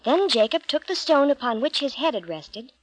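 A woman narrating a children's Bible storybook in an expressive, gentle read-aloud manner. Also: high voice, normal speed, no room sound, poor audio.

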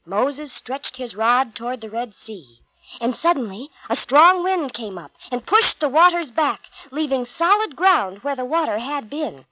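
A woman narrating Bible stories from a storybook in a gentle, clear way. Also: high-pitched, lively intonation, measured pace, no room sound, rough recording.

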